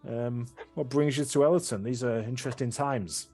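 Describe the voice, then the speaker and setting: A man putting on a gruff Russian-accented barman. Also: medium pitch, normal speed, a little mellow, faint music behind, close to an everyday voice. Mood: wary. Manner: curt, wary of strangers. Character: gruff unsmiling male small-town barman.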